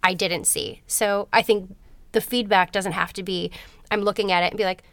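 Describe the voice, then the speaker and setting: A woman's voice: medium pitch, steady tone, moderate pace, fairly bright tone, dry recording. A young woman co-hosting a podcast, chatting in an agreeable, eager way and often affirming. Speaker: podcast co-host. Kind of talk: casual chat.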